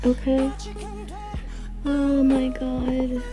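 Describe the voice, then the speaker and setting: A young woman records an album unboxing vlog, gushing breathlessly over each page. Her voice sits a little high and she takes her time between exclamations. Soft music plays faintly behind her. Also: completely flat delivery, drawn-out words, low-quality recording. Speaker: vlogger. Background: faint background music.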